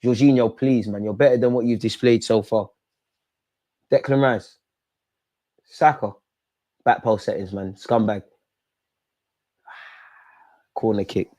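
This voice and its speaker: A young man hosting a live football watch-along, talking at the players on screen and yelling at big moments. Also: fairly low pitch, takes it slowly, long pauses. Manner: excitable, talks to the players on screen; shouts and yells at goals and chances.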